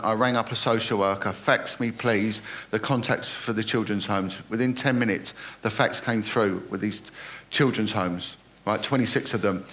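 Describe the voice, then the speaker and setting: A man's voice: lowish voice, fairly bright tone. A middle-aged man, a retired police detective earnestly recounting his experiences in an interview and quoting others in dialogue.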